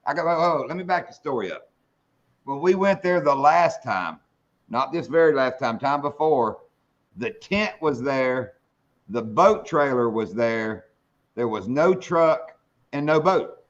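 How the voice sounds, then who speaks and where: A man's voice: medium pitch, expressive, measured pace. A man hosting a fishing live stream, telling hunting stories in a drawling, salty way. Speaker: fishing show host. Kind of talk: casual storytelling chat. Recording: dull lo-fi stream audio.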